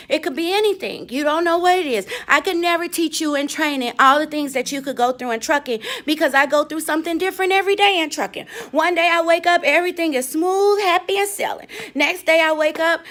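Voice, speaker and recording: A woman who runs a trucking company, talking casually and emotionally to camera, chatty and expressive with many asides. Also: sits high. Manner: emotional, expressive, swings into loud laughing and crying retellings; chatty, lots of "you know". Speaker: trucking company owner and trainer. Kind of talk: casual motivational talk to camera.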